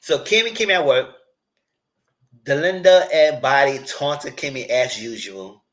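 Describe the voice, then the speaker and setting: A man hosting a casual live recap, retelling scenes in a loose, animated way and quoting the characters as he goes. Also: mid-range voice, a little slow. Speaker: TV recap host.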